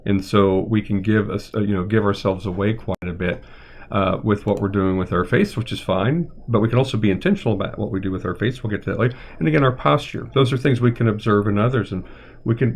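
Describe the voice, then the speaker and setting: A middle-aged therapist with a lowish voice talks through an unscripted live-streamed lesson. He rambles gently, thinking out loud and filling the gaps with ums and uhs.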